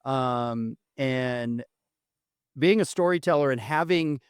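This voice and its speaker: A man co-hosting a podcast in casual chat, animated and teasing, laughing often. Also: medium pitch, slow pace, clean tone, no echo, clean studio sound. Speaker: podcast co-host.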